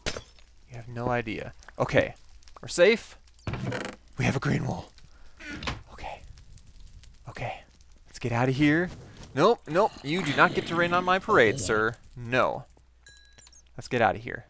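A man talks through a game as he plays, chatty and easily excited, his pitch leaping up and down. A steady hiss of noise sits under the recording. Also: unhurried, long pauses. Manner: chatty, excitable, jumps to high exclamations. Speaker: gaming channel host. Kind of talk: Minecraft let's play commentary.

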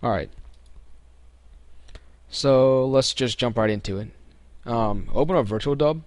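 With a measured pace and a mid-range voice, a young man casually hosts a step-by-step computer tutorial captured on screen. The audio is dry; he stays relaxed, often saying um and starting over mid-sentence.

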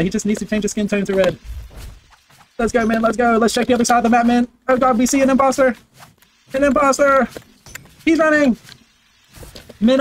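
A man giving loud, excitable gameplay commentary, full of brash trash talk, swearing and repeated barked commands. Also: very high-pitched, a little hiss or hum. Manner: barks repeated commands and chants. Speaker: gaming video creator.

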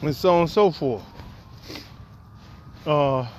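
On a windy outdoor walk, a man who is a poet and vlogger animatedly tells a personal story, acting out people's quotes. He speaks slowly in a voice on the high side, with faint wind and outdoor noise in the recording.

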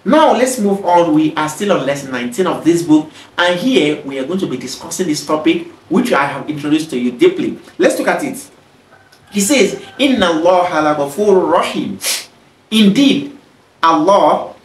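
A man teaching Arabic grammar in an online lesson, speaking slowly and deliberately and repeating each example. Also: on the high side. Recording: roomy, mic at a distance.

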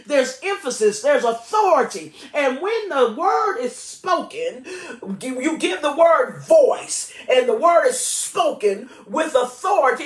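Woman pastor, lively animated sermon delivery with fervent prayer, slightly high voice, echoey sanctuary. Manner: animated preaching, rising to fervent shouted prayer; repeats words and stumbles with fillers. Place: church sanctuary.

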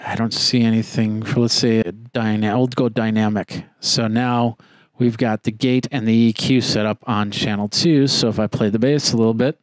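A man's voice: lowish voice, moderate pace. Chatty man demoing audio gear. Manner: relaxed, chatty, explains step by step. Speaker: tech reviewer. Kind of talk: casual product demo.

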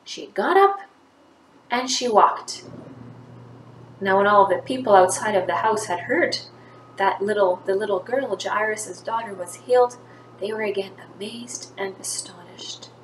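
A woman teacher tells a Bible story to young children, with a pitch neither high nor low. She lifts her voice to act out the quoted lines. The sound is roomy and echoey, with faint noise behind her. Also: expressive, unhurried, pauses often. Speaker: grade 3 teacher.

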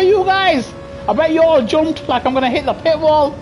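A man's voice: very high voice, lively intonation, moderate pace, over music. A young British man giving live racing game commentary on a headset, bantering with chat in slang and laughing often. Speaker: gaming streamer. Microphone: gaming headset.

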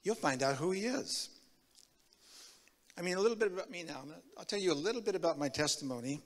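A man from Tacoma, Washington, giving a sermon with his personal testimony, telling it in an animated way that swings from loud to hushed. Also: sits high, quick pace, long reverb tail. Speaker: guest preacher. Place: church sanctuary.

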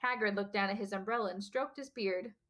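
A teacher reading a novel aloud in a steady, expressive storytelling manner. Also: female voice, mid-range voice, brisk.

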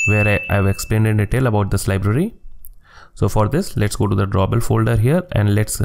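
Low gravelly man explaining code. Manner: steady step-by-step explaining, narrating each click. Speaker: coding tutorial host. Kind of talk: screen-recorded coding tutorial.

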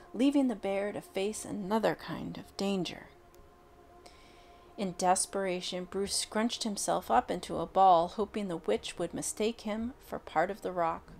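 A woman reading a picture book aloud, expressive and unhurried with dramatic pauses. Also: medium pitch, gravelly. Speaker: storyteller. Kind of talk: storybook read-aloud.

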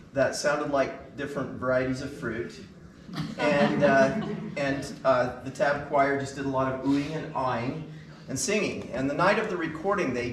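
A middle-aged man telling an excited anecdote from a concert stage, with many fillers and restarts. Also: medium pitch, a little hiss or hum. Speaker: band concert speaker. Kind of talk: storytelling from stage. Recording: echoey hall, mic at a distance.

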